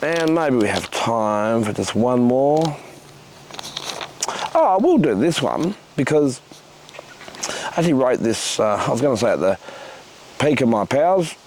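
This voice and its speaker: A man's voice: medium pitch, big pitch swings, noisy background. A middle-aged Australian man from Western Australia reads his own poetry, with blunt, crude asides between poems. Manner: slow, deliberate recitation with blunt, crude asides. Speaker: poet. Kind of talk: poetry reading with spoken asides.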